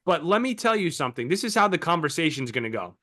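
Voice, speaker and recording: A young man with a fairly high, fast voice co-hosts a podcast, arguing emphatically in casual, profane chat full of animated storytelling.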